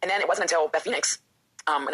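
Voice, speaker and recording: A woman speaks at a rapid clip, her voice husky and breathy throughout. She is a professional wrestler opening up in an interview, candid and emotional. She often slips into acting out the doubting voice in her own head. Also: low voice, a bit bright. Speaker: professional wrestler and author, guest.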